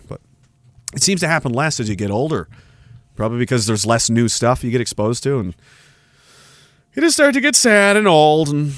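A man's voice: a little high, pushed and bright, dry recording, studio quality. A man hosting a live stream, chatting casually in a rambling, profane way and laughing often. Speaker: podcast host. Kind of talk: casual livestream chat.

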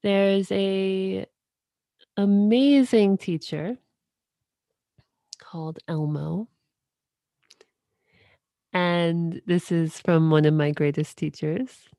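Slow, gravelly-voiced woman. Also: lowish voice, dark tone, no echo, clean studio sound. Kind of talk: reflective spiritual talk.

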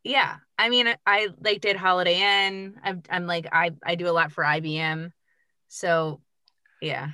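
A bubbly, chatty woman talks about her voiceover career as a podcast guest. Her voice is bright and a touch low, recorded dry and close. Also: steady tone, normal speed, dry recording. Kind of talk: casual chat.

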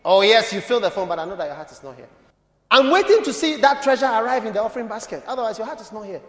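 A man preaching a lively sermon as a bishop, playful and calling on the congregation to answer. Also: high voice, fast. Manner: animated, playful, calls on the congregation. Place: church hall. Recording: echoey church hall.

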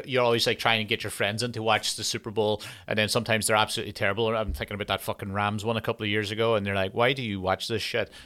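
A man's voice: on the low side, pushed and bright. A young man hosting a podcast, chatting casually in a rambling, profane, joking way. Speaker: podcast host. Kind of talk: casual chat.

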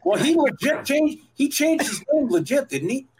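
A man's voice: very high-pitched, big pitch swings, normal speed. A man hosting a wrestling podcast interview, reacting with enthusiasm and teasing his guest. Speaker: podcast host. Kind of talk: casual interview chat.

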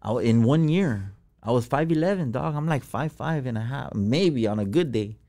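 A man's voice: medium pitch, animated, normal speed, mellow. A man telling a personal story as a podcast guest, in slangy, profane casual talk full of fillers.

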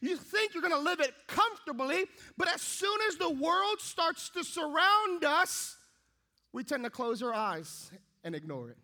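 Young male preacher, very high and forceful voice, animated storyteller. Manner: lively storytelling, acting out his own thoughts. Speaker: pastor. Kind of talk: sermon with a comic personal story.

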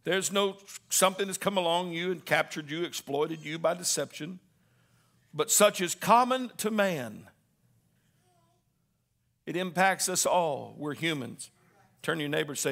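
A man preaching a sermon, calling on the congregation to answer back and rising into shouted lines. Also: fairly high pitch, a little slow, creaky, pauses often. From Southern Indiana.

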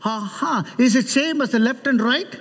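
A man's voice: extremely high pitch, normal speed, husky. A middle-aged man from India preaching a sermon in a church, joking with the congregation and acting out voices. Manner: animated, joking with the congregation, acts out quoted voices. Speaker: guest preacher. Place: church sanctuary. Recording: preached in a large reverberant hall.

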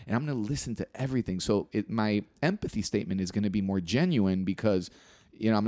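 A man's voice: lowish voice, animated, fast, darkish tone, dry recording, studio quality. A man in casual conversation, earnestly explaining things step by step. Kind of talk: casual chat.

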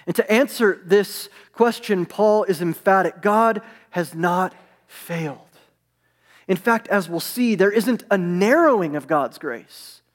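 A man preaching a sermon as pastor, emphatic, stressing words in slow phrases. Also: high voice, big-room sound.

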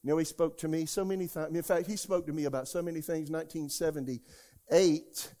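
A man, preaching a sermon as a pastor. He tells stories from his own life and shouts out the lines he quotes. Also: on the high side, fairly even intonation, a little fast. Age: 60s. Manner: storytelling, rising to shouts when quoting God.

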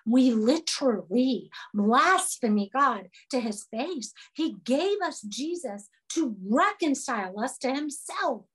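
A woman's voice: high-pitched, expressive, takes it slowly, few pauses, husky. A woman preaching a sermon to a women's group, emphatic and repetitive.

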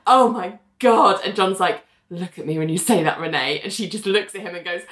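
A woman's voice: on the low side, fairly quick, reverberant. A woman co-hosting a casual podcast, retelling TV scenes and acting out the characters' lines. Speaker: podcast co-host recapping a TV episode. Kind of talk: casual chat.

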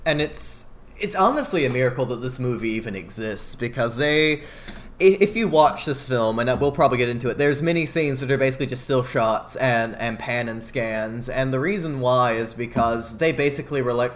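A man's voice: mid-range voice, normal speed, a little hiss or hum. A man co-hosting a podcast, talking eagerly and rambling with many fillers and restarts. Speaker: podcast co-host. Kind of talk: casual podcast discussion.

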